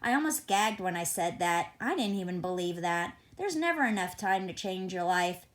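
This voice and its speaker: A woman's voice: on the low side, animated, normal speed. A woman reading a first-person novel aloud as an audiobook, in a conversational, wry and reflective manner. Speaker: audiobook reader.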